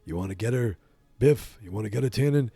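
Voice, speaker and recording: A man voicing a gruff, scheming older man with an insistent, conniving manner. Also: lowish voice, animated, fast talker, dark tone, dry recording, full character voice.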